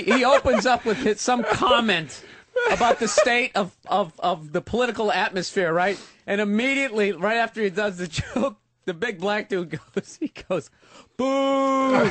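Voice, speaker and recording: A man's voice: high-pitched, a bit bright, no echo. A man comedian telling a profane, laughing story on a radio talk show, with a Boston accent. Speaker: guest co-host, comedian.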